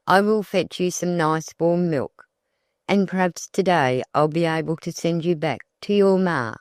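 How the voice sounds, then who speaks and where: An audiobook narrator voicing a sly, coaxing old countrywoman with folksy rural speech, read slowly in a dry recording. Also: medium pitch, clear, resonant tone, dry recording, natural voice.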